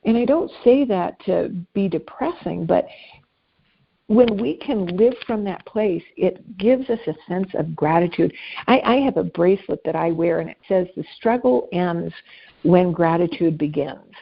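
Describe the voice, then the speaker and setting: A woman life coach talking in a casual interview, animated and self-deprecating, often restarting her sentences. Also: on the low side, a little slow, gravelly, husky, highs cut off.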